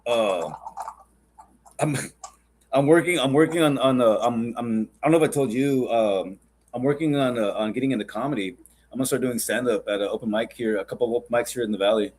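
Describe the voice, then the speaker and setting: A man's voice: mid-range voice, a little fast, a little mellow. A man hosting a podcast, chatting casually in a rambling, joking and profane way. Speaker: podcast host.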